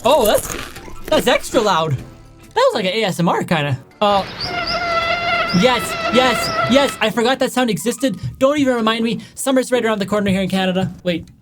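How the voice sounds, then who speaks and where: A young man reacts to a run of sound clips in a chatty, animated vlog, his pitch leaping up and down as he talks. He keeps calling his viewers "guys," and faint music sits behind him. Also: moderate pace.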